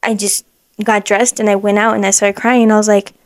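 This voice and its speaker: A woman hosting a podcast tells her personal faith testimony in an emotional way, full of "like" fillers, sometimes dropping to a hushed whisper. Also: medium pitch, level tone, a little fast, no echo. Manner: emotional, heavy use of "like" fillers; drops to a hushed whisper in moments of prayer. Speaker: podcast host.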